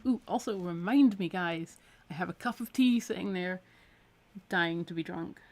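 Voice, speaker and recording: On a live-streamed craft tutorial, a Scottish woman demonstrates needle felting in a fairly low, darkish voice at normal speed. She's chatty and encouraging, talking as she works, though a week of talking has left her voice a little tired.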